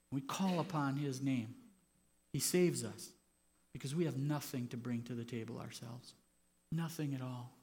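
A man preaching a sermon as pastor in a church, moving from quiet, personal reflection to loud, impassioned stretches. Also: mid-range voice.

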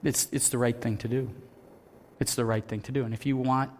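A man preaching a sermon as pastor, who acts out quoted voices in an animated way and drops to a soft voice for his earnest points. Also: medium pitch, a little fast, a little hiss or hum.

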